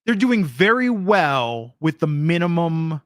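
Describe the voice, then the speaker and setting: A man's voice: a little high, big pitch swings, takes it slowly, no echo. A man co-hosting a wrestling podcast in casual chat, dry and wry, with hesitant fillers. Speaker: podcast co-host.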